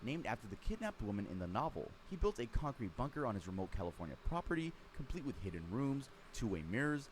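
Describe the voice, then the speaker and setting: A man giving scripted true crime narration, lively storytelling with dry sarcastic asides. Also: mid-range voice, fast, hardly any pauses, slight background noise.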